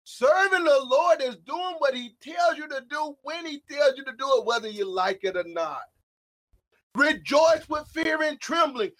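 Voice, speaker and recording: High-pitched shouting male preacher. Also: expressive, measured pace. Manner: shouting emphatic lines, swinging between loud and hushed; calls out to listeners by name. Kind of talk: sermon.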